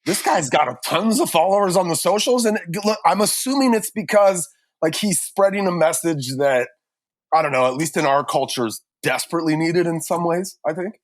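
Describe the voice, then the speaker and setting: Podcast cohost guy, choked up n hesitant, higher voice, dry mic. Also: expressive, brisk, dry recording. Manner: emotional, hesitant. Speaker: podcast co-host. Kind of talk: podcast interview.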